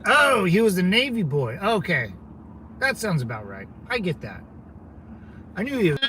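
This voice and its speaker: A man in his thirties talks in a rambling, profane livestream chat, full of fillers and side tracks. His voice sits high for a man. Loud traffic and road noise from outdoors run behind him the whole time. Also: huge pitch swings, a little slow. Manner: loose, profane, digressive talk with frequent fillers. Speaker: channel host, Marine veteran.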